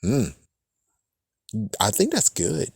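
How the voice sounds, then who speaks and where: A man's voice: medium pitch, wildly swooping pitch, slow pace, creaky, darkish tone, breathy edge, dry recording, studio quality. A man casually reviewing a TV episode, rambling and cursing often, with frequent "it's like" asides. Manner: rambling, profane, repeats "it's like". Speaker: show reviewer.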